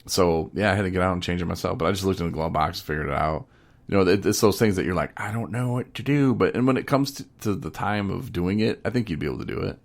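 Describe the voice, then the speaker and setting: A man co-hosting a podcast, telling stories in a drawling, folksy way with hushed asides. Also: low-pitched, fast talker, gravelly. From Michigan. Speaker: podcast co-host. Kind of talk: casual storytelling chat.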